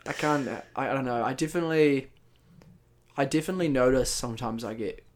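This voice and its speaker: Male podcast host, mid-pitched, loose rambling banter, laughs a lot. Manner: chatty, quick to laugh, rambling storyteller.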